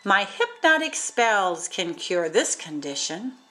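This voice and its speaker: A man's voice: sits high, sing-song, slow, pushed and bright, heavily acted. A woman voicing a showy, mustached male magician in a storybook reading. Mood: grand.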